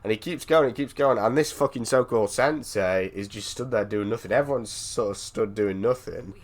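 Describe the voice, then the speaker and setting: Deep-voiced British man telling a story. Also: a little fast. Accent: British English. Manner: animated storyteller, swears freely, many restarts. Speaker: streamer. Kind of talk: casual chat on a voice call.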